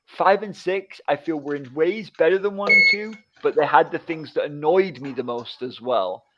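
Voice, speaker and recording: A man's voice: on the high side, moderate pace, very noisy. A man in his forties chatting casually as a podcast co-host, telling stories and acting out what others said. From United Kingdom. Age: 40s. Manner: animated storyteller, acts out quoted voices. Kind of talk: casual chat. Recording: dull lo-fi audio.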